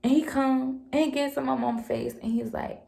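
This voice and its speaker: A woman in her twenties telling a storytime vlog in a heated, profane, animated way. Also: sits high, moderate pace, vocal fry. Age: 20s. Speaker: vlogger. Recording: echoey room.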